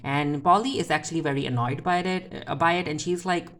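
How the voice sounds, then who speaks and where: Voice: medium pitch, fairly even intonation, brisk, fairly bright tone. Chatty recapper paraphrasing scenes. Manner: retells scenes by loosely paraphrasing characters' lines; frequent restarts and filler words. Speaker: TV show reviewer. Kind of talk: casual spoken episode recap.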